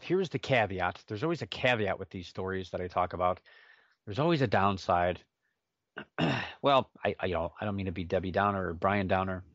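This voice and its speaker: Male podcast host, lowish voice, chatty and self-deprecating, dry dull home recording. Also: a bit bright, dry recording. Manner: rambling, self-mocking asides. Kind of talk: casual solo podcast chat.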